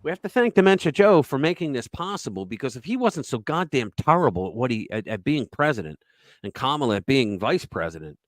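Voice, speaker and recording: An emphatic man hosts a political talk show at a middle pitch. He tells stories conversationally, with frequent asides. The dry recording puts his voice close to the mic. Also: sing-song, brisk, no echo. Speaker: host.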